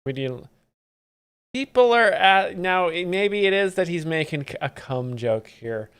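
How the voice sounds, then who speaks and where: A man hosting a live stream, explaining comedy clips in a mock-pedantic, deadpan way. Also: fairly high pitch, normal speed, clear, resonant tone. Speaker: comedy commentator host.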